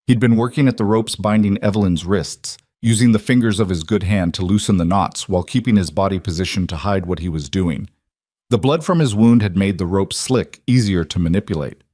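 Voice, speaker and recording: Man narrating, scripted western story, steady, low voice, dry close sound. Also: no room sound.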